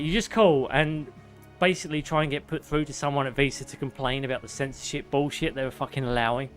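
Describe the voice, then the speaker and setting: A man's voice: mid-range voice, a bit bright. A young man streaming a game, swearing freely as he rants and chats with viewers. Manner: profane, ranting, chatting with viewers. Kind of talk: live gameplay commentary.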